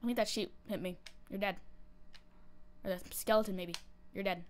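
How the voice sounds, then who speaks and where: This gameplay commentator talks at a moderate pace in a mid-range voice. She's chatty and easily excited, and when the game turns against her she breaks into panicky squeals and keeps pleading.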